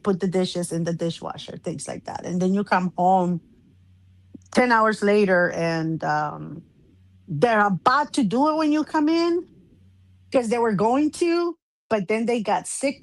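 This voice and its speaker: A woman co-hosting a casual chat show, telling a story in an animated way and laughing often. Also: medium pitch. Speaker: co-host.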